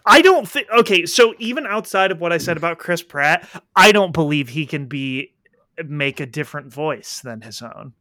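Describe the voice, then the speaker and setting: A man in casual podcast chat, animated and quick to argue, swearing freely. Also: on the high side, dry recording, clean studio sound.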